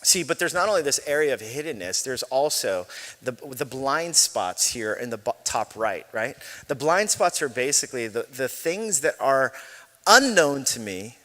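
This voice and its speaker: Male preacher, lively pitch, bright tone, casual storytelling delivery, echoey church hall. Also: normal speed. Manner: conversational storytelling, self-deprecating jokes. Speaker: pastor. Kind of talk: sermon.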